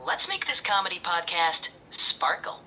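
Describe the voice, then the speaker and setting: Bright, cheerful woman's AI assistant voice. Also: on the low side, sing-song, unhurried, slight background noise. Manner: cheerful, eager, polished. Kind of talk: upbeat assistant replies.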